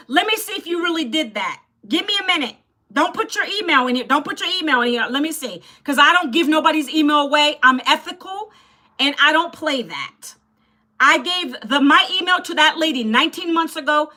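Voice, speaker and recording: Loud, blunt woman in her 50s. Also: high voice, animated, moderate pace. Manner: loud and blunt, close to yelling; scolds chat viewers directly. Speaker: livestream host selling an online program. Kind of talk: live-stream sales talk to chat.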